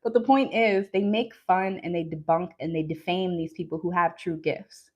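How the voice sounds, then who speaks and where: Lowish-voiced woman hosting a spiritual livestream. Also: fairly even intonation. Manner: earnest, unhurried spiritual teaching with frequent "um" and "you know". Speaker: tarot reader and live-stream host. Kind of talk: casual live-stream talk answering chat.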